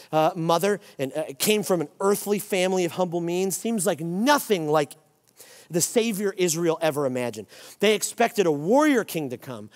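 A pastor in his forties preaching a sermon, with emphatic, repeated declarations. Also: sits high. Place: church sanctuary. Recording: long reverb of a church hall.

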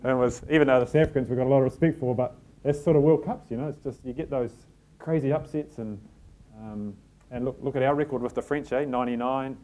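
A middle-aged man with a New Zealand accent talks to a packed room. He tells his stories in a loose, self-deprecating way, and his voice sits at a middling pitch with a mellow, warm colour. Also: fast. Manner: relaxed storytelling, self-deprecating humour. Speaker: team manager giving a talk. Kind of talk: live talk to an audience.

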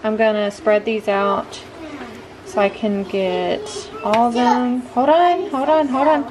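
A woman's voice: on the high side, fairly even intonation, slow pace, a crowd in the background. A woman and mother casually talking through her cooking step by step in a home kitchen vlog. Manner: chatty, talks through each cooking step. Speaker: vlogger and mother.

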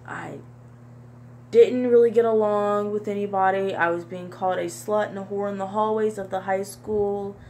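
A young woman vlogger talking to camera in a halting, repetitive, soft-spoken confessional monologue. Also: medium pitch, fairly even intonation, a little hiss or hum. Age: young adult.

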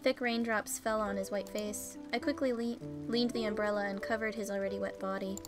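A woman's voice: mid-range voice, little pitch movement, a little fast. A woman reading a visual novel game aloud, narrating plainly and breaking in with swearing and joking reactions. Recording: faint music behind.

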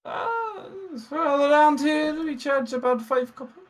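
A man voicing a flustered, fawning female barmaid in a high, squeaky put-on voice, stammering. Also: animated, unhurried, heavily acted. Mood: cheerful.

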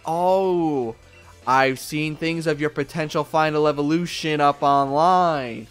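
A man giving casual gameplay commentary, excitable and profane, talking back at the characters on screen. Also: a little high, slow pace, clean tone, soft background music. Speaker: let's play gamer.

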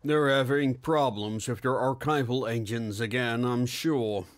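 A man voicing a middle-aged plump police inspector who talks in a deadpan, sardonic way in a steampunk audiobook. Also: mid-range voice, unhurried, natural voice. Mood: dry. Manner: deadpan, mumbling.

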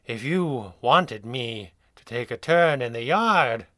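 Man reading as croaky weary villain, madman inmate, slow drawl, strange thin timbre. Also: medium pitch, expressive, sharp tone, dry recording, clean studio sound. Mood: weary, mocking.

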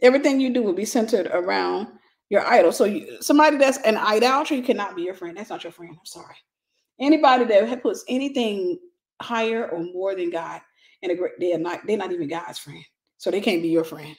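A middle-aged woman giving a lively, conversational sermon, acting out little scenes and laughing as she teaches. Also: mid-range voice, a little fast. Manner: animated, acts out gossip with voices, laughs. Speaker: Christian teacher.

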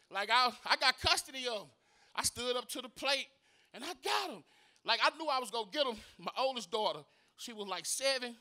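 A man's voice: very high-pitched, pushed and bright, smooth. A man performing a profane, punchy stand-up set on a comedy club stage, full of loose asides.

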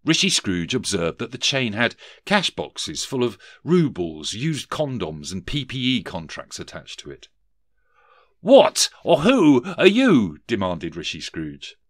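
A man's voice: low voice, sing-song, measured pace, few pauses, fairly bright tone, no echo, clean studio sound. A man narrating a comic story in a wry, mock-solemn storybook tone.

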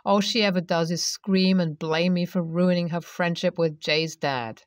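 Female narrator, first-person story read aloud, steady delivery, dry sound, slightly off-mic. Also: fairly low pitch, moderate pace, no room sound, distant mic.

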